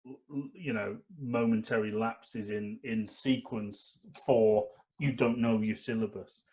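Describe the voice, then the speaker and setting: A man's voice: fairly low pitch, fairly even intonation, unhurried, dark tone. A man co-hosting a casual podcast, agreeable and teasing, with plenty of "yeah". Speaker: podcast co-host.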